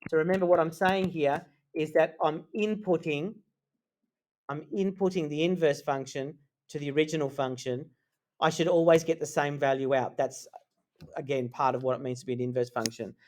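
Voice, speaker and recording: A man's voice: a little high, steady tone, moderate pace, darkish tone, slight background noise. A man teaching a live maths lesson in a classroom, talking in a casual, joking way.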